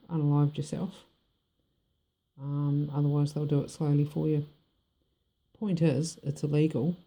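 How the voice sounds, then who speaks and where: A woman's voice: low-pitched, warm tone. A middle-aged woman with a New Zealand accent, talking frankly in a rambling personal vlog and not shy of swearing. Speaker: vlogger. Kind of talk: personal monologue.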